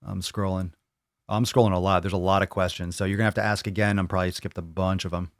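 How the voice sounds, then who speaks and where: The voice sits low, keeps a level tone, and moves quickly, captured dry with clean studio sound. A fitness channel host fields viewer questions during a live Q&A, cursing freely and ranting his blunt opinions.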